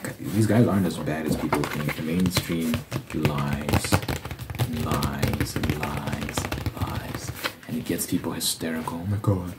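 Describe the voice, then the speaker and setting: Very deep-voiced young man rambling. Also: steady tone, a little slow, loud music behind the voice, poor audio. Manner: rambling, opinionated, profane. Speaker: ASMR channel host. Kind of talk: casual ASMR chat. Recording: loud background noise and clicks.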